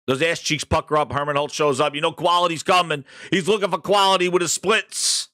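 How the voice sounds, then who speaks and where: A man's voice: on the high side, fairly even intonation, fairly quick, sharp tone, no room sound, studio quality. A man streaming a profane, mocking rant about video games, mimicking the people he makes fun of. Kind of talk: ranting game commentary.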